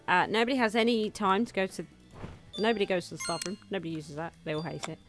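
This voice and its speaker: A woman with a fairly low voice talks through her game in a relaxed, thinking-aloud way. She chatters and laughs at herself as she goes. Soft music plays faintly behind her. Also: brisk. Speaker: gaming video host. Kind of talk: casual let's-play commentary.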